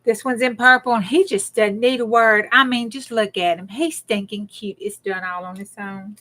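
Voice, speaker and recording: A woman's voice: mid-range voice, steady tone, moderate pace, pushed and bright. A middle-aged woman, hosting a casual crafting livestream. She rambles in a folksy way and greets viewers by name as she works. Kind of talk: casual chat while crafting.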